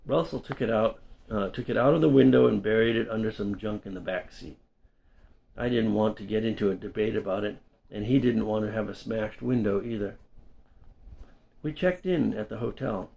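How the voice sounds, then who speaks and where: A middle-aged man reading his own memoir aloud in an unhurried, conversational way with small self-corrections. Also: fairly low pitch, gravelly, mellow. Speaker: storyteller and English teacher.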